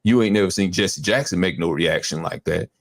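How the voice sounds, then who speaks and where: Low-voiced host guy chatting about a clip, kinda rambly, dry sound. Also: a little fast, vocal fry, dry recording. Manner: rambling, reflective explaining. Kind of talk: casual commentary on a clip.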